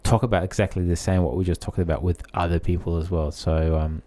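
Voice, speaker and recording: A man's voice: low-pitched, level tone, fast talker, dark tone, dry recording. A man co-hosting a podcast in casual chat, easygoing and agreeable. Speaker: podcast co-host.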